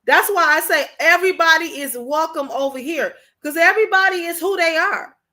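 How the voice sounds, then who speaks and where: A woman's voice: very high-pitched, normal speed, sharp tone. A woman hosting a livestream, giving an informal motivational talk straight to her viewers, emphatic and repetitive as she drives her points home. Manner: emphatic and repetitive, often asking "you understand what I'm saying?"; informal, conversational, addressing viewers directly. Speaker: livestream host.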